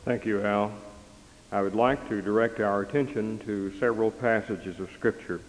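A man, preaching a sermon as worship leader in a slow, measured way. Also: lowish voice, steady tone. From Texas. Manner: slow, deliberate, measured delivery. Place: chapel with long reverb. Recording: long chapel reverb.

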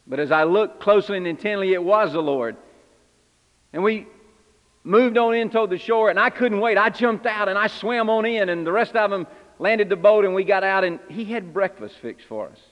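A man portraying Simon Peter, the impulsive fisherman who became an apostle, delivers an earnest, confessional first-person sermon to a congregation. His voice sits high for a man, and it rings out with a long reverb through a church hall. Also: lively intonation, moderate pace, dull audio. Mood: eager. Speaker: preacher in character.

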